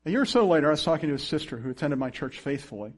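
Man, pastor, sermon, high voice, lively sing-song pitch, acts out quotes. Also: racing. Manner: animated preaching with acted-out quotes and chuckles.

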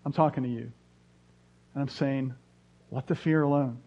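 A man's voice: mid-range voice, steady tone, moderate pace. Earnest male pastor preaching, lo-fi. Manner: earnest, preaching with dramatic drops to soft tones. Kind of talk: sermon.

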